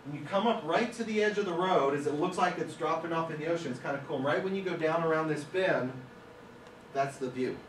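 A man's voice: on the high side, brisk, a little hiss or hum. A man giving a conversational, story-filled talk as guest speaker to a film school class, picked up by a distant mic. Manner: conversational, anecdotal. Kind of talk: classroom lecture with stories. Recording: echoey room, distant mic.

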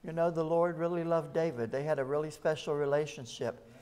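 A man's voice: a little high, flat delivery, brisk, darkish tone, clear, resonant tone. A man preaching an evening sermon at a rescue mission, talking plainly to the congregation and reading scripture aloud with rising emphasis.

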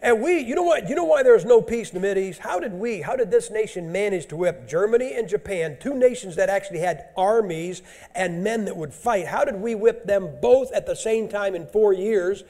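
A man's voice: high voice, lively intonation, moderate pace, a little mellow. A man preaching a sermon in a church, blunt, emphatic and folksy.

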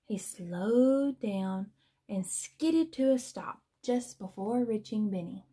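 A woman teacher reading a children's storybook aloud in a gentle, expressive manner. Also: medium pitch, slow, husky.

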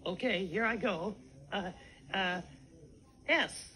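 A man voicing a cheeky, eager young boy ventriloquist dummy in a high, pinched voice on a scripted lesson record. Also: expressive, normal speed, sharp tone, a little hiss or hum, exaggerated voice, rough recording. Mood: chirpy. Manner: chirpy, wisecracking, eager to try.

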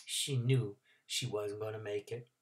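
A male teacher reading a novel aloud to his class in an expressive storytelling voice. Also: on the low side, unhurried, far from the mic.

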